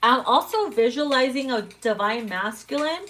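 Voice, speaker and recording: A woman's voice: high voice, animated, moderate pace, a bit bright. A woman giving a casual, crude, joking tarot reading, often breaking into laughter. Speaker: tarot reader.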